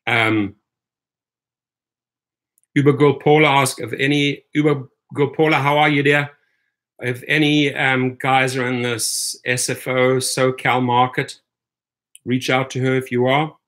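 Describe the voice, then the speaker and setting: A man's mid-range, fairly bright voice comes across flat and a little slow, with frequent pauses. He's a rideshare channel host from Washington, D.C., USA, doing live stream commentary and reading chat, speaking emphatically, adding "right?" again and again and calling viewers "my friends".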